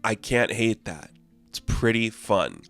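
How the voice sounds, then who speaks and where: A man's voice: fairly low pitch, very animated, takes it slowly, creaky, a bit bright, faint music behind. A man giving a casual, rambling comic book review, full of fillers and amused asides.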